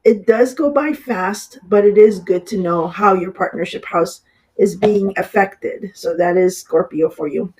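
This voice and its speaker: Astrologer, raspy from a cold, casual and rambling, apologetic, plenty of fillers. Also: mid-range voice, a little slow, darkish tone, poor audio. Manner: rambling, with many fillers and restarts. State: has a cold. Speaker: astrologer giving horoscopes. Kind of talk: casual horoscope reading.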